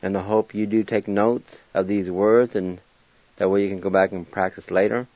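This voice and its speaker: A man hosting a radio language lesson, spelling each word letter by letter and repeating it slowly and patiently. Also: on the low side, fairly even intonation, no room sound. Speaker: language teacher on a radio show. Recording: dull, lo-fi radio recording.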